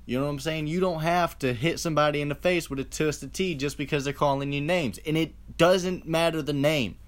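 A man's voice: on the high side, steady tone, a little fast. A man ranting in a casual monologue, swearing freely, restarting his sentences and throwing out rhetorical questions. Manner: profane, rambling, with frequent restarts and rhetorical questions.

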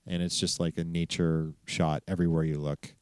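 A man in his thirties co-hosts a casual travel podcast, rambling through stories in a wry, slightly curmudgeonly way he owns up to. His low voice has a darkish, clear, resonant tone with little pitch movement at a normal speed. There's no room sound.

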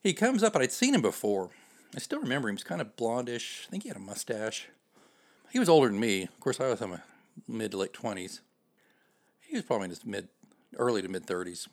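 A man's voice: medium pitch, big pitch swings, fast talker, pauses often. A man hosting a podcast, telling a personal story in a conversational, self-deprecating way with frequent fillers. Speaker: podcast host.

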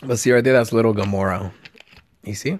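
A man's voice: on the low side, fairly quick. A man hosting a podcast, breaking down a movie trailer in a casual, joking and profane way, often tripping over his words. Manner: excited, jokey, profane, stumbling over words. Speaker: podcast host.

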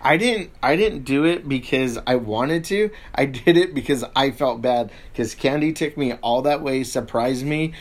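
Male co-host, mid-pitched, dry and wry casual storyteller. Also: normal speed, hardly any pauses. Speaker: podcast co-host.

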